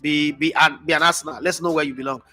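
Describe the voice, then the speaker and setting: A middle-aged Nigerian man hosting a football stream, chatting casually and reading out viewer comments in an animated way. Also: a little high, fast talker, faint music behind. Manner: animated, chatty, jumps between loud and soft. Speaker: football show host.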